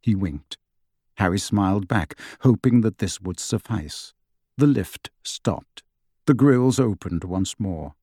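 A man narrating a fantasy novel as an audiobook, with expressive storytelling. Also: lowish voice, slow, husky, no room sound, studio quality. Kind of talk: scripted narration.

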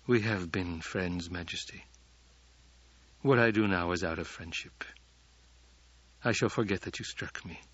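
A man voicing a cold, controlled male courtier who speaks slowly with deliberate flatness. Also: deep voice, lo-fi sound, voice pushed down. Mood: coldly controlled. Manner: slow, deliberate, flat emphasis.

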